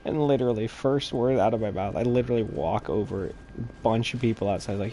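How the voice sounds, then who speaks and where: A man with a fairly low voice swears freely as he tells work stories and acts out the people in them. He talks casually on a live gaming stream, and steady noise sits under his voice. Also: fast. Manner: profane, animated storytelling with acted quotes. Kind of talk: casual chat while gaming. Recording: noisy stream audio.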